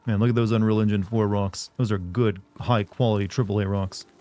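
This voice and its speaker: A young male streamer with a mellow, dark voice chats with his viewers while he plays. He rambles loosely and jokes around. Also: lowish voice, fairly even intonation, a little fast. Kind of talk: casual live-stream chatter.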